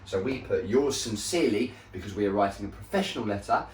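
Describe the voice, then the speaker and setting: A man's voice: on the low side, animated, a little hiss or hum. Man teaching young kids in an echoey room. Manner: slow, deliberate teacher talk with frequent "okay?" check-ins. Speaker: primary school teacher. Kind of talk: recorded home-learning lesson for young children. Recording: echoey room, voice a bit far from mic.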